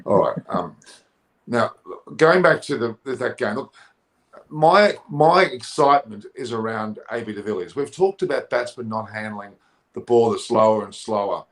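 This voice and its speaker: Animated man ranting about cricket. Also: normal speed, low-quality recording. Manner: animated, jokey, rises high when indignant. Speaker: cricket show co-host. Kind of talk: casual cricket chat. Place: Coogee, Australia.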